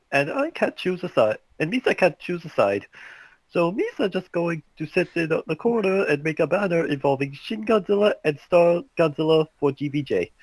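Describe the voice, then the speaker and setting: A man's voice: a little high, dry recording, low-quality recording. A man reading a quirky, sing-song young man. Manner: eager, halting delivery with self-corrections. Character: quirky young man who speaks of himself oddly. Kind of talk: amateur group reading of a fan script.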